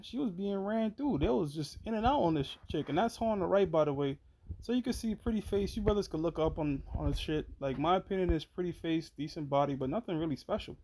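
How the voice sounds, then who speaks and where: A man's voice: fairly high pitch, warm tone, poor audio. A man hosting a show in casual, slangy commentary, often swearing and reading out court papers and scripture verses. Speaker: show host.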